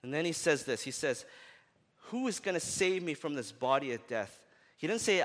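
A man preaching in a church with a fairly high voice that lifts and gets louder to drive points home. His talk is loose and chatty, full of "right?" and "like". The sound carries a long hall reverb. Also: normal speed. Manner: animated, often rising in pitch and loudness for emphasis; conversational with fillers like "right?" and "like". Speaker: pastor. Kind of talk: sermon.

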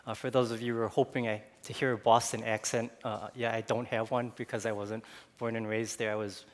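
A man's voice: on the low side, flat delivery, fairly quick, big-room sound. A man with a Chicago accent, a guest pastor giving a sermon in a conversational way, with many fillers and restarts. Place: church sanctuary.

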